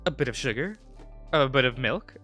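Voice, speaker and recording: A man voicing a warm, doting middle-aged mother who fusses over her guests. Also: mid-range voice, lively intonation, moderate pace, soft background music. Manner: fussing and motherly.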